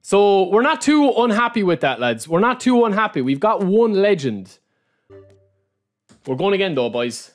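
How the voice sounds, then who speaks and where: Excitable Irish gamer, high and lively. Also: male voice, a little fast, few pauses, soft background music. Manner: excitable, repeats phrases, keeps addressing the viewers as lads. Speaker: gaming YouTuber opening card packs. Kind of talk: live-streamed gaming commentary.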